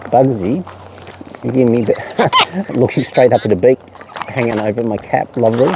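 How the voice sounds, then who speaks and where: A man's voice: medium pitch, expressive, normal speed, gravelly. A man chatting to wild birds outdoors in playful baby talk, full of coos and silly nicknames. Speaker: bird-feeding vlogger. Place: outdoors among wild cockatoos. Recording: noisy outdoor recording.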